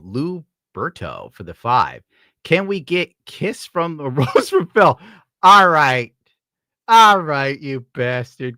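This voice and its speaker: A man's voice: medium pitch, sharp tone, dry recording, studio quality. A man streaming live, reading out donations in a rambling, profane, joking way. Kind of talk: casual live-stream chat.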